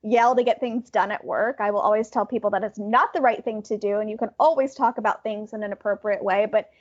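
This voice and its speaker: A woman co-hosting a podcast, telling a story in an animated way and laughing now and then. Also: medium pitch, fairly quick, husky, lo-fi sound. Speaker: podcast co-host. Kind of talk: casual storytelling chat.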